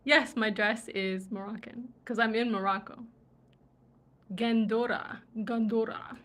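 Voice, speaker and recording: A woman from the USA chats on a livestream and reads viewer comments, laughing often and trailing off into murmurs. Her voice is bright and sits a little high, and she takes her time between phrases. She sounds tired from travel. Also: fairly even intonation, measured pace. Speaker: livestream host. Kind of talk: casual chat reading viewer comments. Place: indoors in Morocco.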